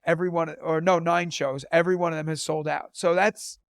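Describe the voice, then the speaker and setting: A man's voice: fairly high pitch, little pitch movement, fairly quick, gravelly, clear, resonant tone, no echo, clean studio sound. A man in his thirties, a teacher and comedian, chatting as a podcast guest and telling stories full of "like" fillers. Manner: chatty storyteller, lots of "like" fillers. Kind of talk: casual interview chat.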